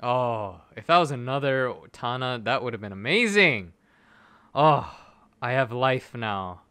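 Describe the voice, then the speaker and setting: In a clear, resonant mid-range voice, a young man goes a little slow while live-streaming gacha pulls. He begs loudly for good results, then grows sarcastic and drops to flat mutters. The recording is dry.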